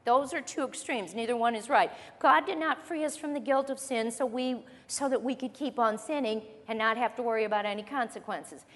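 A woman preaches with a slightly high voice, leaning hard on her key phrases and drawing them out slowly. Her words ring on in a long hall reverb. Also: a bit bright. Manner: emphatic, slows down to stress key phrases. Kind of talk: sermon.

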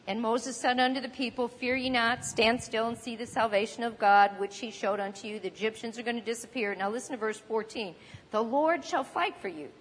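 A woman's voice: on the high side, husky. A woman preaching a sermon in a conversational teaching manner, now and then acting out panicked voices. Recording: long hall reverb.

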